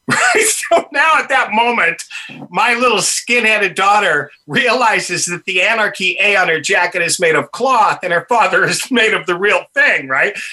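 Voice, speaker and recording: An older man telling a funny personal story in a casual chat, laughing often and acting out what people said. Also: high voice. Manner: animated, laughs often, acts out dialogue. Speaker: podcast guest, punk musician.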